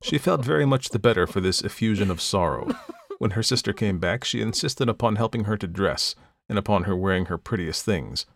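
A man narrating a classic story in a measured, even storytelling manner. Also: lowish voice, vocal fry, no room sound. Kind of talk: audiobook reading of classic fiction.

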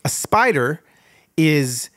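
A middle-aged man telling a personal story as an author being interviewed, in an animated, expressive way. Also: a little high, slow, dry recording, studio quality.

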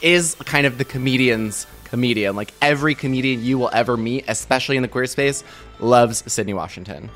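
A young man co-hosting a casual pop culture podcast, teasing and quick to laugh. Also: mid-range voice, a bit bright, soft background music. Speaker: podcast co-host.

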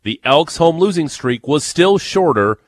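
A man's voice: on the high side, animated, a little slow, no echo, studio quality. A man hosting a sports radio show, chatting casually and reading promos and previews. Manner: upbeat, reads promos and previews.

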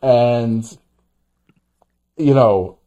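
A man co-hosting a casual film review chat, talking in halting bursts with many restarts. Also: mid-range voice, narrow, tinny audio. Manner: halting, many restarts and fillers, laughs as he talks. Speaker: podcast co-host.

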